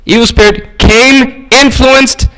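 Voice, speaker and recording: A male preacher giving a storytelling sermon, animated and acting out the voices in his stories. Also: very high-pitched, takes it slowly, poor audio.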